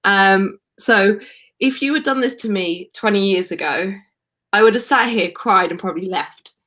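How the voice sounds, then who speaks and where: A woman, a wellness coach and podcast guest, chatting animatedly and telling stories over a video call. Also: medium pitch. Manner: chatty, animated storytelling, quick to laugh.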